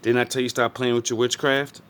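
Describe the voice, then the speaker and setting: Male streamer, mid-pitched, swears freely, tells stories bluntly and with emphasis. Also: flat delivery, a little fast, a bit bright, smooth. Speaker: streamer reacting to clips. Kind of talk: casual profane commentary.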